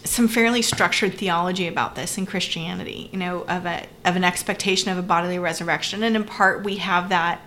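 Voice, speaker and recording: A woman's voice: fairly low pitch, fairly even intonation, brisk, hardly any pauses, fairly bright tone, slight background noise. A woman, a pastor co-hosting a podcast, explaining earnestly and often checking in with "right?". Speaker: pastor and co-host. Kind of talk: conversational podcast discussion.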